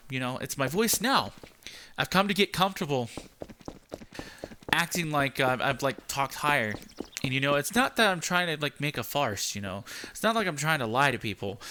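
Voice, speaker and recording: A young man talks through a game in a raised, bright tone he holds on purpose. His pitch jumps around a lot as he rambles from thought to thought, full of filler words. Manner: keeps his voice deliberately high. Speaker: game channel host. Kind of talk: casual gameplay commentary.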